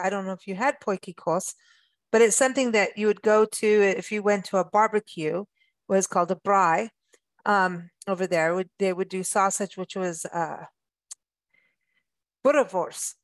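A woman's voice: medium pitch, no echo. A woman from Africa, hosting a travel radio show in casual chat, chatty and playful with frequent laughs. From South Africa.

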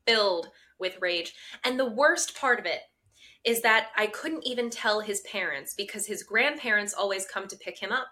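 A woman co-hosting a podcast, telling a story in a casual, animated way with a mounting sense of outrage. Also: medium pitch, normal speed. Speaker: podcast co-host.

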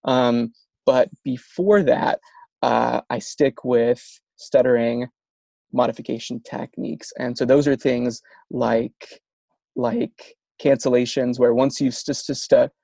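A man's voice: mid-range voice, steady tone, takes it slowly, creaky, warm tone, dry recording. A man in an interview, explaining speech therapy techniques while stuttering with frequent sound repetitions and restarts. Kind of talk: conversational explanation.

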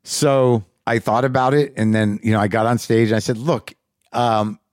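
A man's voice: mid-range voice, fairly even intonation, moderate pace, dry recording, clean studio sound. A middle-aged man hosting a podcast, talking in a rambling, wry monologue full of restarts. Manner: rambling, self-interrupting, wry. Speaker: podcast host. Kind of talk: casual monologue.

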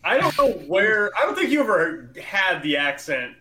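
A man's voice: high-pitched, big pitch swings, moderate pace, reverberant, a crowd in the background. A man playing a tabletop game, chatting casually and teasing with some swearing. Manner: profane, teasing. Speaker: player. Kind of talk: casual chat.

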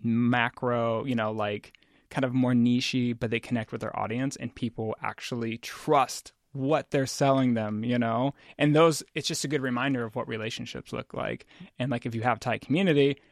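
A man talks as a podcast guest in a mid-range voice, thinking out loud in a rambling, reflective way. He uses plenty of filler words, and the sound is dry and close. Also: medium pitch, fairly even intonation, moderate pace, no echo. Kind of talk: casual chat.

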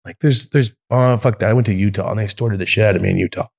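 Low-voiced man telling profane stories. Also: racing, gravelly. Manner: profane, animated, acts out quotes. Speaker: podcast guest. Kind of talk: casual storytelling.

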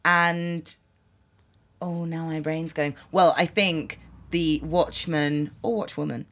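A young woman with a notably low voice, co-hosting a comedy podcast. She thinks out loud in rambling, easygoing chat, full of fillers and silly wordplay. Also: steady tone, slow pace. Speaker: podcast co-host guessing the answers.

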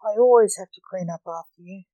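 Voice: mid-range voice, a little fast, dark tone, dry recording, muffled recording, lightly acted. A reader voicing a weary male coroner who moans and complains, read in a plain storytelling voice. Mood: moaning. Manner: complaining, exasperated. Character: grumpy middle-aged male coroner, moaning and weary.

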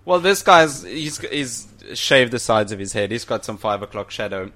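A man's voice: medium pitch, expressive, normal speed, bright, forceful tone. A man co-hosting a casual podcast, enthusiastic, often restarting his sentences. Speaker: podcast co-host. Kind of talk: casual chat.

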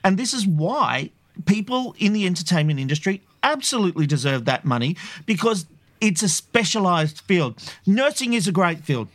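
A man's voice: high voice, sing-song, moderate pace, a bit bright, no room sound. Assertive man, dry close sound. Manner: assertive, steers the conversation. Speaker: podcast co-host. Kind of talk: casual podcast chat.

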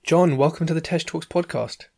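A man hosting a property podcast, chatty and jokey with quick asides. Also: on the high side, creaky, darkish tone. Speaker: podcast host. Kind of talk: casual podcast interview.

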